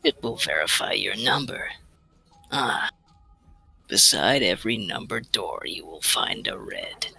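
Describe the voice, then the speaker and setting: A man voices a composed, mysterious young man in a fan read of a visual novel. The voice is gravelly and sharp-toned, and it swoops widely in pitch. Every line comes out slow and mock-solemn. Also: very animated, faint music behind, full character voice, poor audio. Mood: ominous. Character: calm, cryptic young man reading a sinister message.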